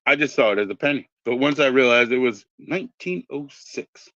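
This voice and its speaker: A man's voice: mid-range voice, brisk, a bit bright, dry recording. A man in his forties in casual chat, wandering through tangents and swearing freely. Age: 40s. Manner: meandering, profane, tangents. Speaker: podcast host. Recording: dull lo-fi dry recording.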